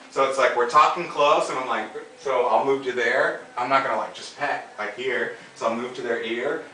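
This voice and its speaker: A man's voice: mid-range voice, reverberant, far from the mic, slight background noise, low-quality recording. A man coaching a trainee, acting out lines and laughing as he demonstrates. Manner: animated, demonstrative, laughs often. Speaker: dating coach.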